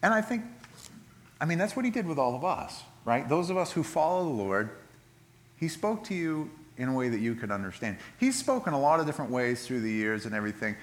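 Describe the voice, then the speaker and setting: A man's voice: medium pitch, brisk. Conversational man preaching a sermon. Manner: conversational preaching, animated retelling with restarts. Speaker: pastor.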